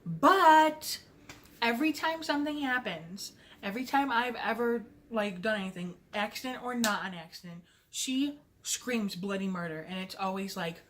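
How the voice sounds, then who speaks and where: In a casual storytime, a young adult woman vlogger chats playfully and pokes fun at herself, leaning heavily on "like." Her mid-range voice has a fairly bright tone and a moderate pace, and a little hiss or hum is audible.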